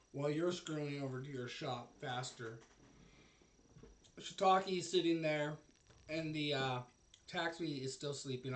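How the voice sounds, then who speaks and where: A man narrating a tabletop role-playing game as game master, halting and full of fillers. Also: fairly high pitch.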